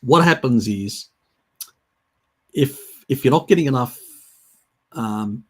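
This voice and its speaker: A man's voice: medium pitch, lively intonation, slow. A man hosting a livestream, answering viewer questions in a chatty, rambling way. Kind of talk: casual livestream Q&A.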